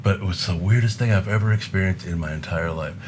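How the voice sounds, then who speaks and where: A low-pitched older man from Buffalo spins loose, rambling stories as a guest musician in a casual interview. He acts out other people's lines as he goes. A faint hiss sits under his voice. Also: quick pace. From Buffalo, New York, USA. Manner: rambling anecdotes, acting out quoted voices with laughs. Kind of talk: casual storytelling.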